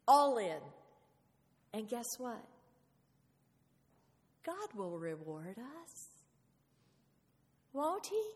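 A woman preaching a lively sermon in a church, playful and animated, often asking the congregation questions. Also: a little high. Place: church hall. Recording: reverberant hall.

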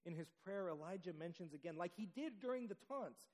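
A man preaching a sermon, telling the story with dramatic pauses and lively emphasis. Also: sits high, big-room sound, low-quality recording. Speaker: pastor.

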